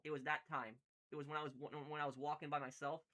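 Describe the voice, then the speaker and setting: A man's voice: a little high, flat delivery, quick pace, sharp tone. A man telling stories casually while playing a game, rambling with many fillers and restarts. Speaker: gaming streamer. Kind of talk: casual storytelling while gaming.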